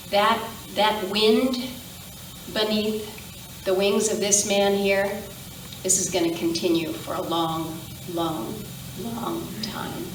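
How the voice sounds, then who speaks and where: A woman giving a heartfelt tribute at a memorial gathering, speaking slowly and with care. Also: mid-range voice, slight background noise. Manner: slow, heartfelt, measured. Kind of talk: public tribute speech. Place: outdoor gathering with a crowd. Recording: echoey, distant amateur crowd recording.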